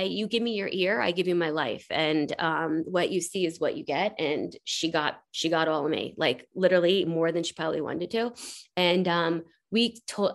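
A woman speaking as a podcast guest, telling a story in a chatty, rambling way full of fillers. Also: lowish voice. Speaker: podcast guest, coach's wife. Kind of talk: casual interview chat.

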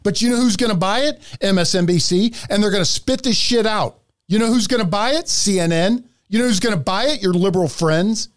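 A man's voice: high-pitched, a little fast. A man hosting a podcast, ranting profanely through heated political commentary. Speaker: podcast host.

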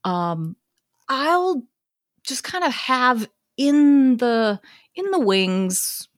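A woman's voice: high voice, sing-song, extremely slow, dry recording, studio quality. A woman co-hosting a podcast in casual chat, laughing often as she retells stories. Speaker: podcast co-host.

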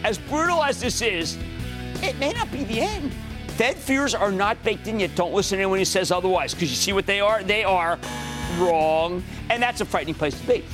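A high-voiced man with a Pennsylvania accent hosts a market show with wildly swinging, animated delivery. He is emphatic and excitable, and his enthusiasm bursts into shouts. Faint music plays beneath him. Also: a little fast. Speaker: TV stock market show host. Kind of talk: excitable financial commentary.

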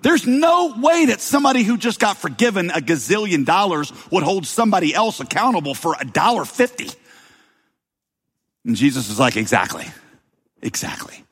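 A man preaching a sermon, telling a story with dramatic swings between loud emphasis and hushed tones. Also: fairly high pitch, sing-song, brisk, breathy edge, long reverb tail. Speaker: pastor.

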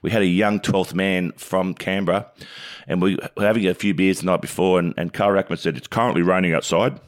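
A middle-aged Australian man and former cricketer, co-hosting a casual sports chat in a relaxed, filler-heavy storytelling way. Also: low voice, fairly quick.

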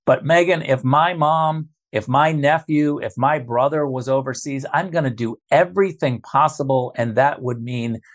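A man makes his case as a guest on a political talk show. He talks forcefully, leans on repetition to drive points home, and his voice sits at an ordinary middle pitch. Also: moderate pace, hardly any pauses. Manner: forceful, emphatic, repeats key phrases.

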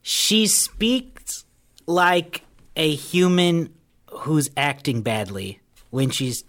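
A man's voice: a little high, big pitch swings, extremely slow, a bit bright. A man co-hosting a casual movie discussion, giving blunt opinions and hot takes. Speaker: podcast co-host.

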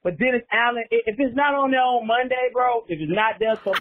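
A man's voice: very high voice, brisk. A man calling in and ranting in casual slang. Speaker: caller. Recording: tinny phone line.

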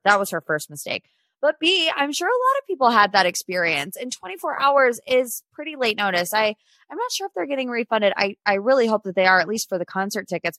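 A woman's voice: on the high side, a bit bright, no echo. A woman in her twenties hosting a pop culture podcast, chatty and opinionated as she talks through celebrity news. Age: 20s. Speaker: podcast host. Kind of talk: casual pop culture chat.

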